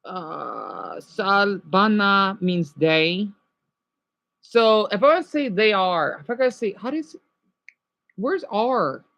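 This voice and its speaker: A man's voice: high-pitched, big pitch swings, slow pace, gravelly, fairly bright tone, dry recording, highs cut off. A man streaming live and chatting casually with viewers, rambling, correcting himself and slipping in French phrases. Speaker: livestreamer answering viewers.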